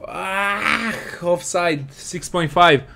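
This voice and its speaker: A man with casually commentating his football game, excitable and scolding his players. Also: high voice, very slow, gravelly. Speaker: gaming commentator.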